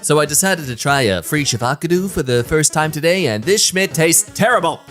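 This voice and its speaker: Animated joking male streamer. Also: on the high side, a little fast, soft background music. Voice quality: animated, jokey, jumps between mock voices. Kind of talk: casual commentary reading memes aloud.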